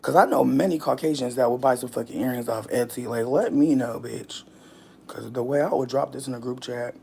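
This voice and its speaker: A young woman from the US chatting casually to camera, rambling and swearing freely, a little out of breath, dropping to mutters and jumping to loud bursts. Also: rumbling low, brisk, gravelly, breathy edge. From United States. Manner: profane, rambling, playfully brash, jumps between mutters and loud bursts. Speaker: vlogger.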